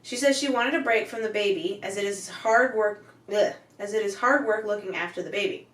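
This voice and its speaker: A woman's voice: medium pitch, a little fast, recorded from a distance. A woman in her thirties co-hosting a casual podcast, chatting, teasing and reading posts aloud with a giggly manner. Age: 30s. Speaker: podcast co-host. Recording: echoey room, away from the mic.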